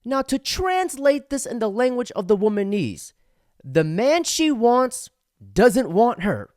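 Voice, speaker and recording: A man's voice: very high-pitched, sing-song, unhurried, darkish tone, no room sound, clean studio sound. A man hosting a commentary video, lecturing in a matter-of-fact way. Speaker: commentary host. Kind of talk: commentary narration.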